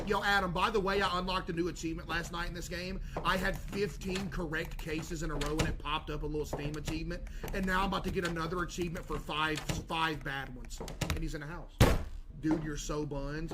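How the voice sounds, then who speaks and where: A man streaming a game, talking in loud, excitable, jokey bursts and suddenly yelling. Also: a little high, noisy background. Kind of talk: live gameplay commentary. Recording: game music playing behind.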